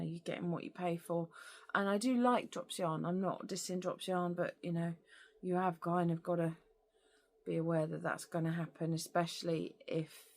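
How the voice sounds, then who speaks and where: A woman chats casually as host of a crafting podcast. Her voice sits a little low, and she rambles along with plenty of ums and restarts. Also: darkish tone. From lives in France. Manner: chatty, rambling with many fillers. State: out of breath. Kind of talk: casual chat.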